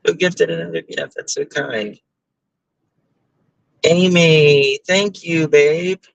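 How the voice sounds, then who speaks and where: A man's voice: fairly high pitch, slow pace, gravelly, no room sound, lo-fi sound. A man hosting a casual livestream, chatting through stories and thanking viewers by name for gifted memberships. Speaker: livestream host.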